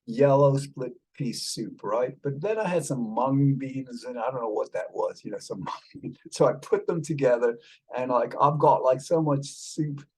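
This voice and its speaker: Over a video call, a show host chats casually with an AI companion, putting on a British accent, rambling with plenty of fillers and calling his listener "mate." His medium-pitched voice moves at normal speed, with a darkish tone and a breathy edge. The recording quality is low.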